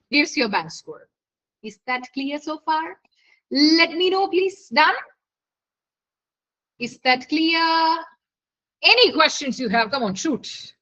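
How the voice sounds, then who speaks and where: A woman's voice: high-pitched, pushed and bright. A woman teaching a live online lesson as a tutor. She coaxes her students and keeps checking whether they follow. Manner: coaxing, keeps checking with the class. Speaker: IELTS speaking tutor. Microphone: video call. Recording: lo-fi online call audio.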